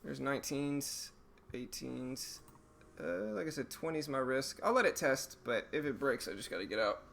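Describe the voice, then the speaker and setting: A man hosting a live day-trading stream, thinking aloud in a relaxed, halting way, his voice a bit hoarse. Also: medium pitch, slight background noise. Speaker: stream host, day trader.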